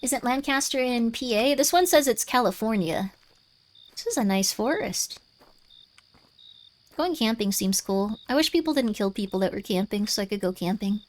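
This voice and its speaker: A woman's voice: on the high side, animated, normal speed. A woman streaming a game live, chatting playfully and reading the on-screen text aloud. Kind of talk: live-streamed gameplay commentary.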